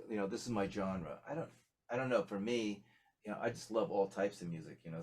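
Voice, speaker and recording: This is a man speaking in a slightly low voice as a guest in a casual interview. He rambles and restarts his sentences, filling the gaps with "you know" and "um". His talk sounds loose and friendly. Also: a little mellow. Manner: rambling, many fillers and restarts. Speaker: musician guest.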